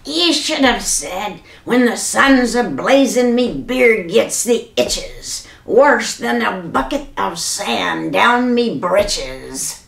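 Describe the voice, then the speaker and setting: Woman playing a bossy pirate captain, gravelly, pirate slang, storybook, echoey room. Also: medium pitch, animated, slow pace, a bit bright, heavily acted. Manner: pirate slang, bellowing and cranky. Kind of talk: storybook read-aloud for children.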